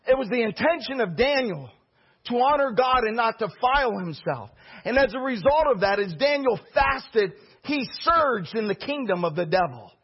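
A man with a high, husky voice delivers a sermon, drifting into conversational storytelling as he talks to his congregation. The recording is dull and lo-fi, with muffled highs. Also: normal speed. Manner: storytelling preacher, animated and conversational. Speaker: preacher.

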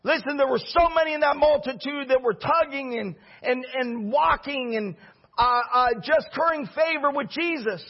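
A man's voice: extremely high pitch, normal speed, muffled recording. A male pastor preaching a sermon with fervor and repeating key phrases for emphasis.

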